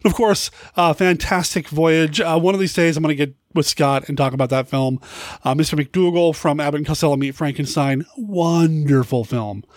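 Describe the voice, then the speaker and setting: A man's voice: on the high side, moderate pace, no room sound, clean studio sound. Upbeat male podcast host. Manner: enthusiastic, rambling. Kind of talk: casual podcast chat.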